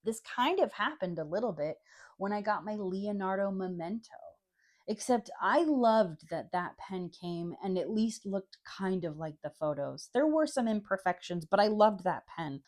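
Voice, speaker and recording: A woman's voice: medium pitch, expressive, moderate pace, a little mellow. Woman telling a pen review story. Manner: storytelling, acts out her emails and the replies. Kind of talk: personal review vlog.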